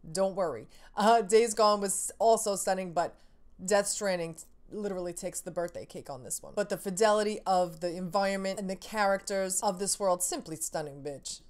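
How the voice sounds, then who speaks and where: Woman, gaming youtuber, game awards commentary, gushing, theatrical, sweary, middle pitch. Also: moderate pace, a little mellow.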